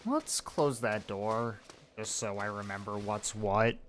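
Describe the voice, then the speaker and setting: A man's voice: on the low side, slow pace, background noise. A man narrating his game casually, reacting to his own mishaps as he plays. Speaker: gameplay commentator. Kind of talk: casual let's-play chat.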